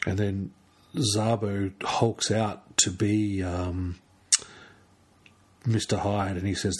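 A man's voice: on the low side, steady tone, unhurried. A man hosting a solo podcast late at night, tired and rambling, stumbling over words and using many fillers. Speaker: podcast host. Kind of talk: solo casual podcast chat.

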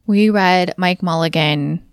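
A woman with a Midwestern accent co-hosting a casual podcast, giggly and relaxed. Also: on the low side, slow, clear, resonant tone, dry recording, clean studio sound. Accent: Midwestern American. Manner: giggly, relaxed, many likes. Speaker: podcast co-host. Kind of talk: casual chat.

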